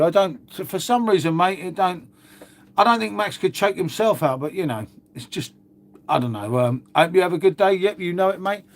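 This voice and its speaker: Chatty man, higher voice. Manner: chatty, rambling, calls viewers "mate". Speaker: livestream host reading chat. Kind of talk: casual live chat.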